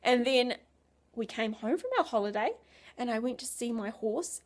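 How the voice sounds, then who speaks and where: Animated woman telling a children's story. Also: a little high, moderate pace. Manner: animated, expressive, swings from hushed to loud.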